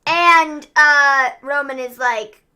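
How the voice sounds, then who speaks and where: A young woman co-hosting a casual wrestling review stream, animated and acting out quotes. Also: sits high, slow. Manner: animated, acts out quotes in exaggerated voices. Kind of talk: casual recap chat.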